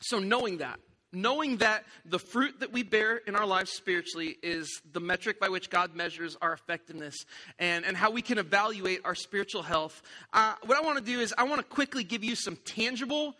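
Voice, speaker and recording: A middle-aged male pastor delivers a sermon, mixing teaching with a relaxed family story. His voice sits high and rings with a very bright edge. A long hall reverb trails behind him. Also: fairly quick. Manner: conversational storytelling with vivid quoted voices.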